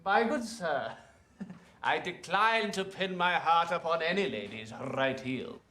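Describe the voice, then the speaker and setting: An actor playing a flustered Victorian comic actor in rehearsal, theatrical in manner. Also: male voice, a little high, lively intonation, slow, bright, forceful tone, reverberant, full character voice. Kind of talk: period film acting.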